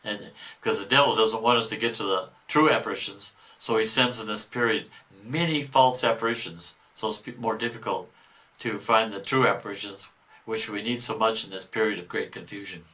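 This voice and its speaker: Male host, religious commentary, bright voice, quick asides. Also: fairly low pitch, distant mic. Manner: quick explanatory asides between readings.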